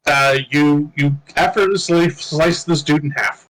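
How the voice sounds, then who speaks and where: A man's voice: a little high, fairly even intonation, unhurried, fairly bright tone, low-quality recording. A man running a tabletop role-playing game as game master, chatting casually and often laughing while he narrates.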